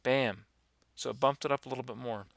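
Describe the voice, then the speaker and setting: A man giving a relaxed, rambling software tutorial, talking through each step with many fillers. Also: mid-range voice, very fast, gravelly, dry recording. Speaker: animation instructor. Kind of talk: screen-recorded software tutorial.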